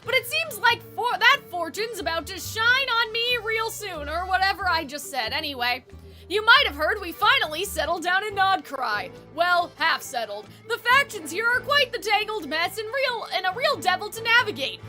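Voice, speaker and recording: A woman's voice: very high-pitched, big pitch swings, moderate pace, few pauses, bright, forceful tone, soft background music. A young woman streamer chatting while reading game text aloud and reacting to chat.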